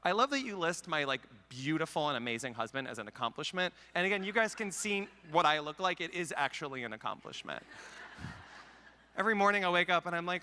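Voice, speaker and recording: A man's voice: on the high side, big pitch swings, sharp tone, slight background noise. A man from Canada giving a comedic, self-deprecating conference talk into a handheld mic in a large hall. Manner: wry, self-deprecating, quick jokes. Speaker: conference speaker.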